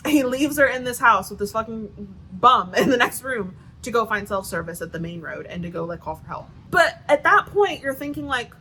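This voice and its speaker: A woman's voice: mid-range voice, brisk, sharp tone, slight background noise, rough recording. A woman giving a casual, sarcastic book review rant, swearing often and filling her talk with "like.". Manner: profane, sarcastic, heavy filler use.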